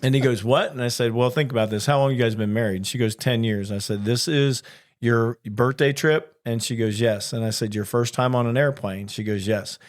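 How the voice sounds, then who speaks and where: A man's voice: medium pitch, brisk. A man co-hosting a casual chat podcast, telling stories animatedly and acting out the exchanges he quotes. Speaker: podcast co-host, flight attendant.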